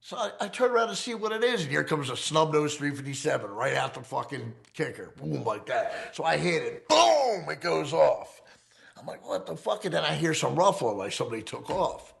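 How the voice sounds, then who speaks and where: A man's voice: on the high side, lively intonation, brisk, creaky, a bit bright. A man telling a wild story from his past in casual, profane street talk, often checking in with "right?". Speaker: documentary interviewee. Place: fireside.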